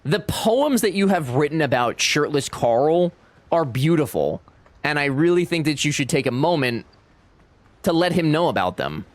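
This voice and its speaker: A man's voice: fairly high pitch, big pitch swings, moderate pace, no echo. Playful man teasing his chat. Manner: playful, teasing, jokey banter. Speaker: streamer. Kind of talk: casual live-stream chat with viewers.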